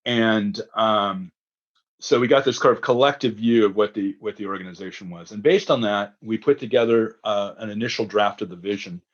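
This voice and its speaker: A man's voice: on the low side, normal speed, muffled recording. A man answering as a consultant guest, explaining a process methodically with frequent ums.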